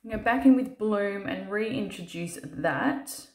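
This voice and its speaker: A woman's voice: medium pitch, unhurried. A tired woman talking through a makeup tutorial, chatty and self-mocking, swearing casually as she works. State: tired from little sleep. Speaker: makeup artist doing a tutorial. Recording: roomy echo.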